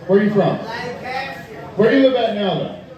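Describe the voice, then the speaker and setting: A man's voice: high-pitched, animated, moderate pace, muffled recording, a crowd in the background. A young man doing a crude, profane stand-up set in a tavern, laughing at his own jokes. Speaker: stand-up comedian. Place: tavern stage. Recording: echoey room, far from the mic.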